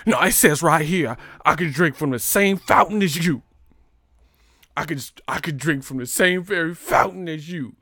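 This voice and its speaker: A man voicing a timid male snitch who whines and pleads in a drawn-out, high voice. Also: sharp tone, dry recording, studio quality. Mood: indignant.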